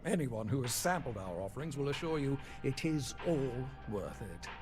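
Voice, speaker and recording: An actor playing a proud male greeter at an upscale restaurant in a video game, with a polished sales-pitch delivery. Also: big pitch swings, moderate pace, loud music behind the voice, close to an everyday voice. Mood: promoting.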